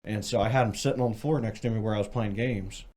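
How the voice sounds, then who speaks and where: A man's voice: lowish voice, steady tone, quick pace, a little mellow. A young man in his twenties, a podcast co-host, telling a story in casual chat with lots of swearing and laughter.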